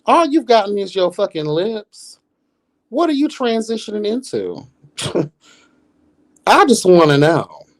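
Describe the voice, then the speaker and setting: A man's voice: sits high, sing-song, unhurried, long pauses. A man hosting a live reality TV review, roasting cast members in a sassy, profane way and laughing often. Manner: sassy, profane, calls everyone girl and bitch. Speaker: reality show commentator, host.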